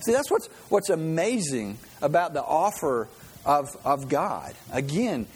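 A man's voice: on the high side, very animated, a little slow, darkish tone, slight background noise. A man preaching a sermon in a conversational way, often asking the listeners questions. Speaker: pastor.

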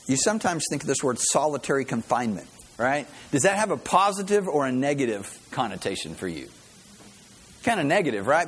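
A man's voice: fairly high pitch, husky. A man preaching a sermon as pastor, a folksy, joking storyteller who greets visitors and tells a funny story before his message.

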